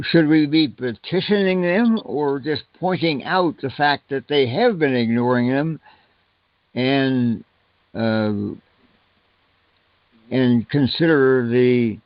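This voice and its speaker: An older man speaking haltingly on a group call, pausing and clearing his throat often. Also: mid-range voice, dry recording. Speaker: call participant. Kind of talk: casual discussion on a conference call. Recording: dull lo-fi call audio.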